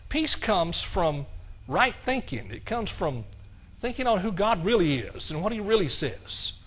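Folksy preacher man, slightly high voice. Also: sing-song, fairly bright tone, slightly rough. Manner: folksy, quotes scripture in a slow measured cadence; chuckles at his own jokes. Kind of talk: sermon.

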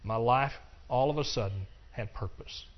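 An older man giving a personal testimony sermon, earnest and repetitive, dropping to hushed stretches and rising into passionate bursts. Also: medium pitch, normal speed. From Texas. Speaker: preacher. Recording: dull lo-fi recording.

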